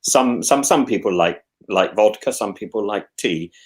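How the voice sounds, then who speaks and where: An English man hosts a casual chat, thinking aloud in long discursive turns. He stumbles over repeated words and restarts his sentences often. His pitch swings widely as he talks. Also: animated, moderate pace. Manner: rambling, with many restarts and stammered repeats; musing and discursive. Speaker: host.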